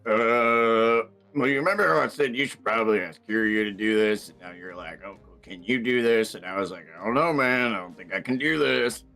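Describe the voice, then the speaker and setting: A man playing in a tabletop role-playing game, excitable and loud in casual banter. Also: fairly low pitch, fairly quick, faint music behind. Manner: loud, excitable, shouts and laughs often. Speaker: player.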